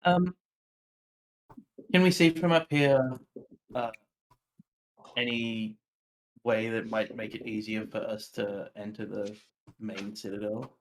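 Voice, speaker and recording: A man's voice: on the low side, fairly even intonation, slow, long pauses, a little hiss or hum, low-quality recording. Joking man at a tabletop game. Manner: joking, thinks aloud while planning. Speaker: player. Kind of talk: casual tabletop game talk.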